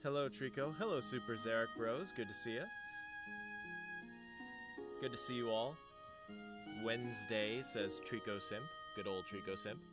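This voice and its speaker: Playful male streamer, mid-pitched, chatting over loud game music. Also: moderate pace, long pauses. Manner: chatty and playful, greets viewers, laughs often. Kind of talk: casual live-stream chat while playing.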